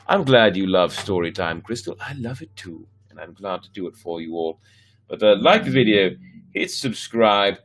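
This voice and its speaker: A man hosting a live story time, reading a children's horror book aloud and chatting with viewers. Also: on the low side. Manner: relaxed, chatty sign-off with fillers. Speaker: storyteller host.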